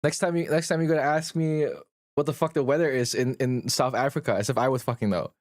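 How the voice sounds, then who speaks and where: A man's voice: mid-range voice, steady tone, fast, no room sound, studio quality. A man livestreaming and answering chat in a blunt, profane, teasing way.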